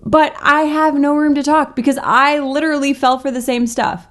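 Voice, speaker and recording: A woman's voice: high-pitched, flat delivery, moderate pace, a bit bright. A woman hosting a chatty, sarcastic reaction commentary, peppered with likes. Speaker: commentary host.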